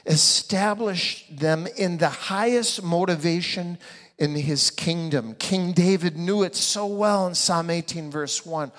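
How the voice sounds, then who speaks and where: A man's voice: sits high, slow pace, a bit bright. A man preaching a sermon as pastor, asking the congregation rhetorical questions and pressing his points with emphasis. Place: church sanctuary. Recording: long reverb of a church hall.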